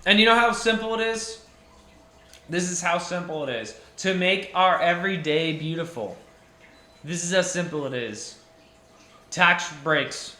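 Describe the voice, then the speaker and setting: A man's voice: sits high, unhurried, long pauses, pushed and bright. Passionate young man ranting in an echoey room. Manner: passionate, ranting, repetitive restarts, emphatic repetition. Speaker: jeweller. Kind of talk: impassioned monologue to camera.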